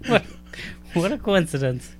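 A man's voice: high voice, sing-song, measured pace. A young adult man co-hosting a casual chat, joking and teasing and laughing often. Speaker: podcast co-host.

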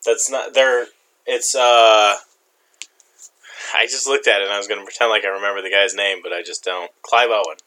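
A man in casual chat, calmly explaining things with a wry, laid-back manner. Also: on the low side, normal speed.

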